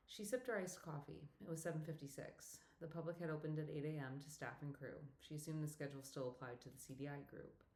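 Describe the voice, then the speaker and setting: Low-voiced woman reading an audiobook. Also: steady tone, quick pace, few pauses, a little mellow. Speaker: audiobook narrator. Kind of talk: scripted audiobook narration. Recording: echoey room.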